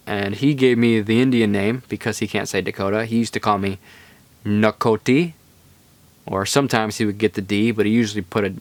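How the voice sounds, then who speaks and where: A man's voice: lowish voice, no echo. A young man hosting a podcast, telling stories in a rambling, laid-back way with lots of fillers. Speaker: podcast host. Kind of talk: casual storytelling monologue.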